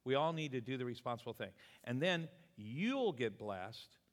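A man's voice: medium pitch, normal speed. Guy preaching a sermon, tells stories and does the voices, big echoey church sound. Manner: animated storytelling preacher, voices people in anecdotes. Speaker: pastor. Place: church sanctuary. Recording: long hall reverb.

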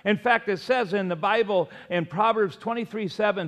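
A man's voice: high-pitched, normal speed, few pauses, fairly bright tone. A male pastor preaching a sermon, emphatic and prompting the congregation to repeat after him. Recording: long hall reverb.

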